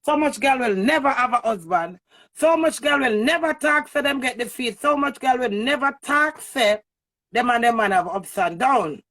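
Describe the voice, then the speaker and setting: A woman with a Jamaican accent giving a heated, emphatic livestream rant to her viewers, swinging from loud bursts to low mutters. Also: animated, normal speed. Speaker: online personality.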